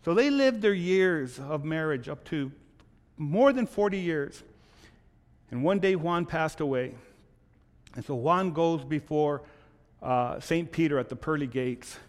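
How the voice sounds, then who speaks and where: A male pastor preaching a sermon and telling a joke in an animated storytelling manner. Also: fairly high pitch, unhurried, long pauses, in a large hall. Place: church.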